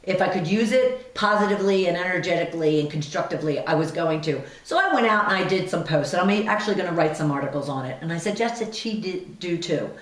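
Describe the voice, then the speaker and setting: A woman host talks through a personal story in a loose, chatty way, full of asides. Her voice sits on the low side. The recording has a roomy echo. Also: expressive, quick pace, few pauses, far from the mic. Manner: chatty, lots of fillers and asides. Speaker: radio show host. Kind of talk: casual storytelling monologue. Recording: echoey room, voice off-mic.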